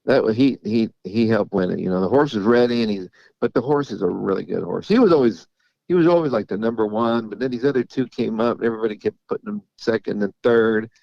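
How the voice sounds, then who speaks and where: A middle-aged racehorse trainer telling stories in a casual interview, halting and repeating words as he goes, often laughing. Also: on the low side, creaky, dry recording. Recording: dull lo-fi audio.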